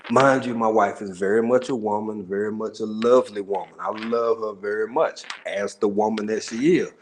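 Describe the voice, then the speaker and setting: A man's voice: fairly low pitch, fairly even intonation, normal speed, a little hiss or hum. A man from Texas with a Texan accent, hosting a livestream and chatting casually with viewers, joking, laughing often and rambling in asides. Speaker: livestream host. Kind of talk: casual chat with live viewers.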